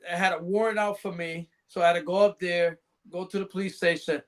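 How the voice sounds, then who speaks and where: Guest spot: high-pitched man, loose swearing storyteller, casual podcast chat. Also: steady tone, fairly quick. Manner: profane, laughing, rambling anecdotes.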